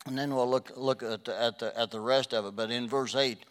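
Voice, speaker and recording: A man preaching a sermon as a pastor, passionate and swinging between loud and hushed delivery. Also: medium pitch, fairly even intonation, fairly quick.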